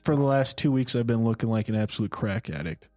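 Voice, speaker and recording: A man's voice: medium pitch, animated, fast, dark tone, no room sound, faint music behind. A man co-hosting a casual comedy podcast, riffing on jokes and laughing often. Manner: joking, laughs often, riffs on ideas. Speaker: podcast co-host.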